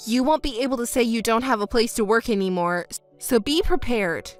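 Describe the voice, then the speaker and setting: A woman reading as a betrayed wife in a texting story, scornful, sharp and mocking. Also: fairly high pitch, brisk, soft background music. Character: betrayed wife, adult woman, cold and cutting.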